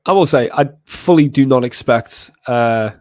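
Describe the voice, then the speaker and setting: A man's voice: mid-range voice, measured pace, dry recording, studio quality. A young man, chatting and reacting through a live match stream as a fan. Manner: rambling, excitable, sings chants. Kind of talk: casual live match commentary.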